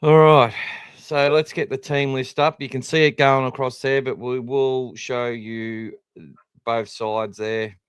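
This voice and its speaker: A man's voice: medium pitch, little pitch movement, measured pace, clear, resonant tone, dry recording, clean studio sound. A man with an Australian accent hosting a live sports podcast in a casual, rambling way, poking fun at himself. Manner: chatty, rambling, self-deprecating. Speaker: podcast host. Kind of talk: casual live-stream chat.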